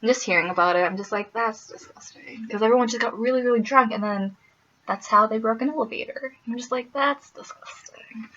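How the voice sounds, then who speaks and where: A woman's voice: fairly high pitch, fast talker, a bit bright, lo-fi sound. Chatty young woman from the Midwest. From American Midwest. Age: young adult. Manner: chatty, laughing, full of fillers. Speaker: vlogger. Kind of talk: casual vlog chat.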